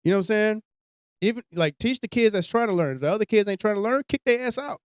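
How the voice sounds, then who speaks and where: A man's voice: high voice, animated, quick pace, clear, resonant tone, no room sound, studio quality. A young man co-hosting a podcast, telling a story in casual, blunt, profane chat. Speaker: podcast host.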